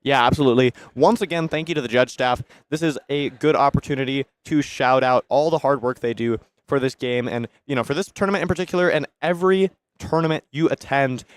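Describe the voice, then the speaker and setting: A man commentating a card game tournament, steady and measured. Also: mid-range voice, dry recording.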